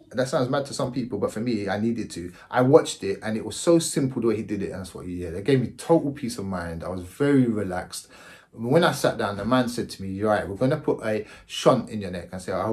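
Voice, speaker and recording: A man in his forties casually telling his own story to camera, repeating himself and often checking in with the listener. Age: 40s. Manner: animated, jumps into high exclaiming voices. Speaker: vlogger.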